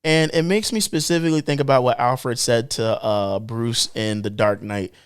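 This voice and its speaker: A young man co-hosting a podcast, talking in an emphatic, animated way that swings between low drawn-out remarks and excited bursts. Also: clean tone. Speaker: podcast co-host. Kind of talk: casual podcast commentary.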